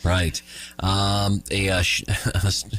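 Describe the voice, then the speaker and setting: A man's voice: deep voice, level tone, slow, fairly bright tone, soft background music. A man in his fifties hosting a radio show, reading news items with jokes and chuckling at his own lines. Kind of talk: morning radio chat and news.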